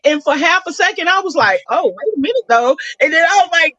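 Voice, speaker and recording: A woman co-hosting a podcast, telling a funny date story in casual chat and acting out each quote with big jumps in pitch. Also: animated, quick pace, hardly any pauses, sharp tone, no echo, lo-fi sound. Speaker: podcast co-host.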